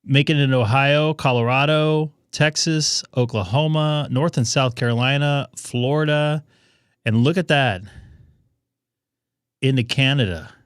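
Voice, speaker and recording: A man's voice: mid-range voice, measured pace, clean tone, no room sound, clean studio sound. A man hosting a ham radio live stream, chatting casually and thinking aloud with plenty of fillers.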